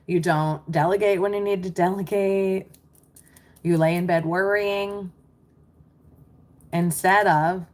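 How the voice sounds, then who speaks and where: A middle-aged American mindset business coach, lowish and a little mellow, speaks slowly in a steady tone, pausing often. During her livestream coaching talk she reads questions and replies to the chat in a chatty, reassuring manner.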